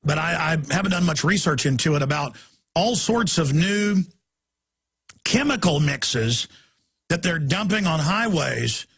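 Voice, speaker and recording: Man, talk radio host, ranting monologue, raspy, high-pitched, emphatic. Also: animated, a bit bright. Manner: ranting, emphatic, rapid-fire asides.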